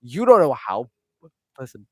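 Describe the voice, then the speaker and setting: Man, casual stream chatter, rambling, swears, animated pitch, dry close sound. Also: unhurried, dry recording. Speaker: video creator ranking his own videos. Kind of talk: casual live-stream chat.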